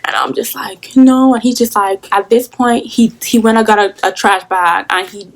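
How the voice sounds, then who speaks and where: A woman's voice: medium pitch, fairly even intonation, moderate pace. A young adult woman telling a casual story in a rambling, profane way, full of fillers. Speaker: vlogger.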